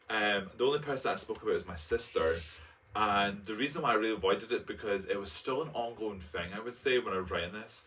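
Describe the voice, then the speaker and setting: A man in his late twenties with a lower-pitched yet bright, forceful voice reads his old essay and stops often for camp, playful commentary. He sits a little back from the mic, so his voice sounds slightly distant. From Scotland. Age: late 20s. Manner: expressive, camp, playful asides. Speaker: vlogger. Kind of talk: reading a personal essay aloud and commenting on it.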